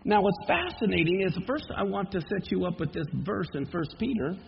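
Gravelly guy preaching off scripture, slow readings that swell up loud, dull radio sound with long reverb. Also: high voice, lively intonation, slight background noise. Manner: reads scripture aloud slowly, rising to emphatic proclamation. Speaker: Messianic Bible teacher. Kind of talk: sermon.

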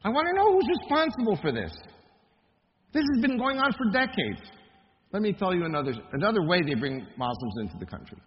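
A man with a high, animated voice delivers an emphatic lecture, peppering his listeners with rhetorical questions. The talk rings out with a long hall reverb. The recording is dull and lo-fi. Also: brisk. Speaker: speaker. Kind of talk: impassioned lecture.

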